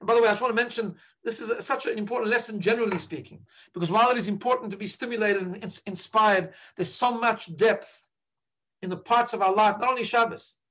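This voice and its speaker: Earnest high-voiced man giving a sermon. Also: quick pace, bright, forceful tone, rough recording. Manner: earnest, repeats words while searching for phrasing; drops into Yiddish when quoting. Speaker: rabbi.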